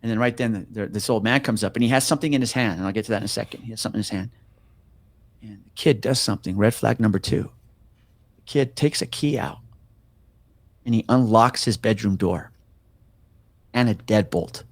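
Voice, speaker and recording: A man's voice: on the low side, brisk, long pauses, dry recording. Profane storytelling man, dry close sound. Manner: profane, animated, acts out the voices of people in his story. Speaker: police officer. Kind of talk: casual storytelling in an interview.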